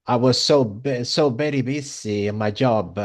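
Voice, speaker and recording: A man's voice: medium pitch, measured pace, natural voice. A man imitating a young Italian woman student with an Italian accent, apologetic and chatty.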